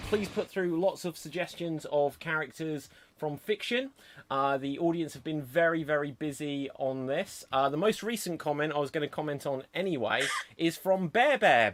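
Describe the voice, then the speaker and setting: A man hosting a live online improv comedy show over a video call, upbeat and brisk as he explains the games. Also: fairly high pitch.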